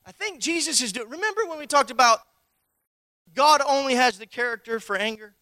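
A preacher giving a conversational sermon full of rhetorical questions, breaking into shouted emphasis. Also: high voice, expressive, fairly quick, dry recording.

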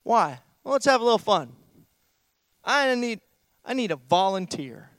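A man preaching a sermon as pastor, swinging from hushed asides to loud, raised declamation. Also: sits high, big pitch swings, measured pace, no room sound.

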